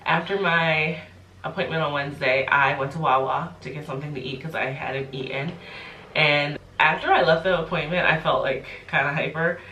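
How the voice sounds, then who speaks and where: Young woman vlogging with a stuffy nose, bright voice, echoey room a bit off mic, faint noise. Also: low-pitched, recorded from a distance. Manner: chatty storytelling, lots of "like". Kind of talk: casual pregnancy update vlog.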